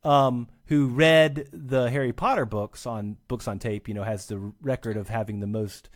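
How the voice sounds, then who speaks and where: A man's voice: medium pitch, fairly even intonation, moderate pace. A man chatting as a podcast guest, rambling and self-deprecating, often restarting his sentences. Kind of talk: casual chat.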